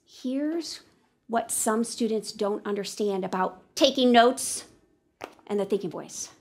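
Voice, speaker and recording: A woman teacher talking to students in a classroom lesson, lively and expressive, sometimes dropping to a whisper. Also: medium pitch, slow. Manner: animated, drops to a whisper for the thinking voice.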